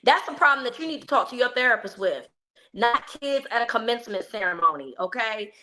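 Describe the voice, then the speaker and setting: A woman's voice: on the high side, lively intonation, brisk, sharp tone. A woman co-hosting a sports podcast, talking in a blunt, profane, scolding way. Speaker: podcast co-host. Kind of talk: casual sports chat.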